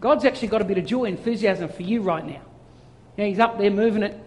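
A male pastor preaching a lively sermon, telling stories and acting out little voices as he goes. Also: high-pitched, fast. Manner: animated storytelling, acts out voices. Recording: long hall reverb.

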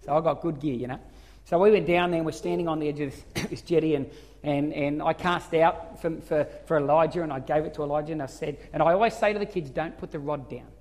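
Animated man preaching in a reverberant hall. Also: on the high side, fast. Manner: animated, swings from soft to shouting. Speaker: pastor. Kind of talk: sermon storytelling. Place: church hall.

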